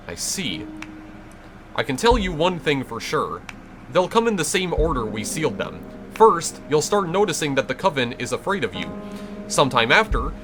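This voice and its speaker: A man's voice: on the high side, a bit bright. A man reading the lines of an intense mystical male familiar spirit who teaches magic, in a plain instructive tone, with game music behind.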